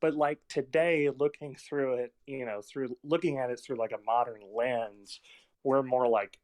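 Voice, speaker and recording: A man's voice: mid-range voice, steady tone, measured pace, darkish tone, no echo. Man rambling through a film anecdote. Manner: rambling anecdotes with many fillers. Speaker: podcast host. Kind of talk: casual film discussion.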